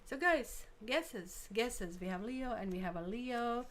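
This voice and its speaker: A woman's voice: on the high side, takes it slowly, fairly bright tone. A woman hosting a live tarot stream, chatting casually with viewers and thinking aloud while she works.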